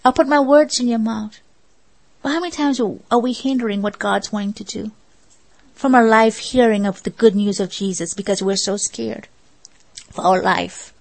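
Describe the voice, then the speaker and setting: A woman's voice: a little high, normal speed, vocal fry, rough recording. A woman preaching a sermon in an earnest, exhorting way, asking her listeners rhetorical questions.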